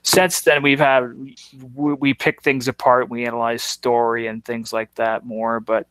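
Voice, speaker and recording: A man's voice: medium pitch, level tone, measured pace, fairly bright tone, clean tone, no room sound. Reflective man in his thirties. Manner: reflective, rambling. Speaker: guest. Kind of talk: casual chat.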